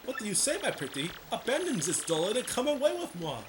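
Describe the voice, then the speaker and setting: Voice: mid-range voice, huge pitch swings, brisk, a crowd in the background, voice pushed up. A man doing a smarmy fake-French ladies' man. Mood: flirting. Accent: put-on French. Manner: smarmy, theatrical. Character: sleazy flirtatious male charmer. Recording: game music playing behind.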